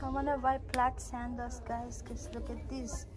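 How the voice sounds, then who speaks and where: A woman's voice: fairly high pitch, flat delivery, moderate pace, crowd noise. A mother hosting a casual family vlog, coaxing her child along as they shop in a store, filmed on a handheld phone. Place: inside a busy store. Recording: noisy store background.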